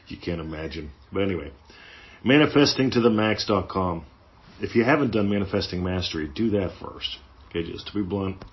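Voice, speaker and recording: A man hosting a podcast, teaching in a casual, playful way and acting out little inner voices. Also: low voice. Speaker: podcast host. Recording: dull lo-fi sound.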